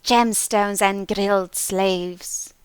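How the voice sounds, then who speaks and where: A woman voicing tiny winged creatures that chatter nonsense in a shrill, drawn-out sing-song. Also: steady tone, smooth, no echo.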